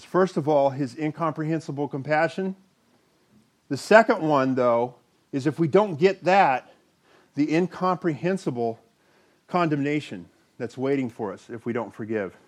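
A man preaching a sermon, reading scripture aloud and telling a story with animated delivery. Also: fairly high pitch.

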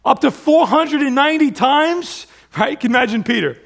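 A man's voice: extremely high pitch, lively intonation, normal speed, gravelly, hardly any pauses. A man preaching a sermon, retelling scripture with plain asides and light humor, rising and dropping in volume as he drives points home. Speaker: pastor.

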